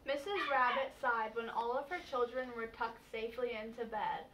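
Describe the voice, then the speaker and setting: A woman reads a children's bedtime story aloud in a bright, fairly high voice, steady and clear. She sits back from the mic, with faint noise in the room. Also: normal speed. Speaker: reader helping tell the story. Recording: distant home recording with faint noise.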